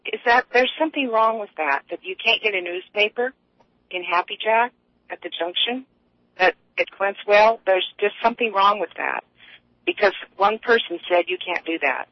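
A woman's voice: mid-range voice, moderate pace, no room sound. A woman calling in to a radio show, telling long rambling stories with many restarts. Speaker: caller. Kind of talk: casual radio call-in chat. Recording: dull lo-fi line, dry.

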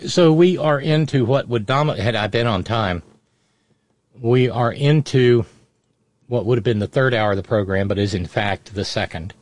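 A man's voice: medium pitch, moderate pace, no room sound. A middle-aged man hosting a radio show, telling a family story in a rambling, digressive way. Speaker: radio host. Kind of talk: casual radio monologue.

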